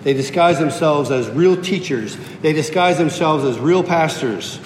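Emphatic preacher man in an echoey hall. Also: unhurried. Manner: emphatic, repeats key phrases for effect. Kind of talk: sermon. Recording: echoey hall with faint rumble.

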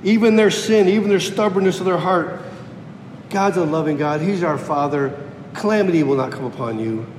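A man preaching a sermon emphatically, repeating key phrases for effect. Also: moderate pace. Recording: echoey hall with faint rumble.

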